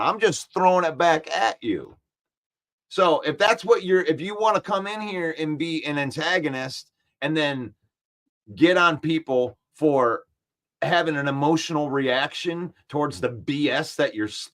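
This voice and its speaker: Fired-up male sports talk host. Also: a little high. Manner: reads viewer comments aloud and argues back, animated and defensive. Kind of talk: casual live-stream sports chat.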